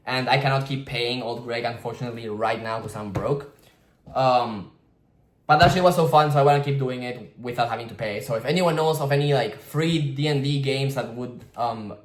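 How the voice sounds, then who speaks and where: A man vlogging in a casual, rambling way, swearing freely and filling his talk with "like.". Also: mid-range voice. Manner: rambling, slangy, swears freely, many "like" fillers. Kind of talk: casual storytelling vlog. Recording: roomy echo with guitar music behind.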